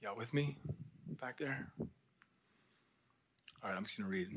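A man's voice: lowish voice, slow pace, long pauses, fairly bright tone. A man preaching a sermon in a conversational way, often checking in with his listeners.

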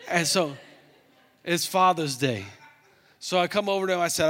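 Bright high-voiced preacher man. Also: moderate pace. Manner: animated storyteller acting out both sides of a conversation. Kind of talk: sermon storytelling. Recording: long hall reverb.

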